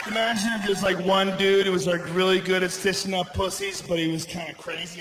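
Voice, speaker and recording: A middle-aged man performing a loud, profane stand-up comedy routine, often shouting, before a laughing audience in a venue. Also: sits high, little pitch movement, fairly quick, few pauses. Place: large indoor comedy venue. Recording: echoey live venue with audience noise.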